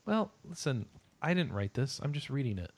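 A man hosts a relaxed podcast chat at a middle pitch. He rambles playfully, with fillers and restarts, as he runs through the news. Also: normal speed. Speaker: podcast host.

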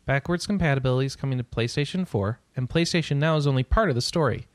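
A man hosting a casual gaming news podcast, reading news items and adding relaxed asides. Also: mid-range voice, quick pace, no echo. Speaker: podcast host.

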